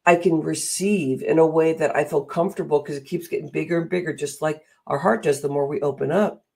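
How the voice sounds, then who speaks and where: A middle-aged woman giving a motivational talk, animated and acting out the voices she quotes. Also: sits low, fairly quick, gravelly, slightly rough. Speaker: speaker and coach.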